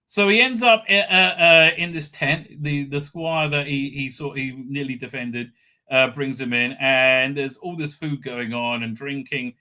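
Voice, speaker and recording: Bright, sharp-toned man rambling. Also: mid-range voice, fairly even intonation, unhurried. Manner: rambling, stammering restarts, keeps asking "right?". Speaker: live-stream host. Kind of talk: casual episode recap.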